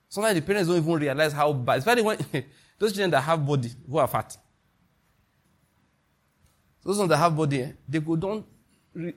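A Nigerian man in the pulpit, preaching with emphatic energy. His voice sits a little high for a man and carries a husky edge. He jumps sharply upward in pitch when he drives a point home. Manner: animated, emphatic preaching with sudden high emphatic rises. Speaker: pastor. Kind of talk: sermon.

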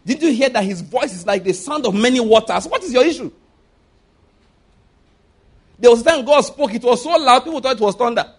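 A Nigerian-accented man delivers a lively sermon in a notably high voice. He fires rhetorical questions at his listeners and chuckles often as he makes his points. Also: a little fast, long pauses, husky. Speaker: preacher.

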